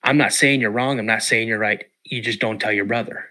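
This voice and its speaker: A man's voice: lowish voice, fairly even intonation, brisk, bright, forceful tone. A man quoting a stern, exasperated dad. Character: stern exasperated father, middle-aged man.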